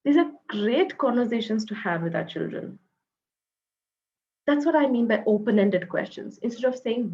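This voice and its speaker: A woman with an Indian English accent giving a parenting talk, speaking gently and modeling the phrases parents can say to their children. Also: fairly high pitch, animated, moderate pace, highs cut off.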